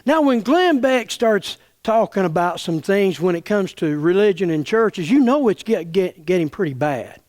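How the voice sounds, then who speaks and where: Male pastor, high voice, fiery and folksy, stammers, middle-aged. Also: animated, normal speed, few pauses, darkish tone. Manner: stammering restarts, folksy, angry. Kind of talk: fiery sermon.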